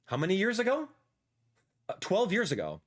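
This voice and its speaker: Lively excitable man streaming. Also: high-pitched, normal speed. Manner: excitable, animated, repeats phrases; drops to a soft murmur when talking to his cat. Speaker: streamer reacting live. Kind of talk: livestream reaction commentary.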